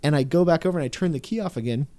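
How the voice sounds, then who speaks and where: A man who is a mechanic, telling a story in a casual podcast chat, animated and swearing freely with laughs. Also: a little high, very fast, no room sound.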